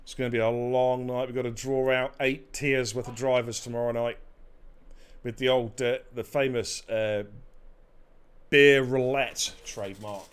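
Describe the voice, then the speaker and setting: There's an unhurried, clear quality to this man's medium-pitched, resonant voice as he hosts a live esports racing stream. Full of energy, he jokes, banters and swears freely through the commentary.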